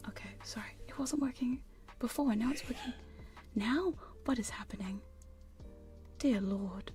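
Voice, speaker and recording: Woman whispering into close mics on a live asmr stream, mellow and giggly, faint music behind. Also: fairly high pitch, measured pace. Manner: soft whispering, giggly and rambling. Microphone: studio condenser and binaural mics.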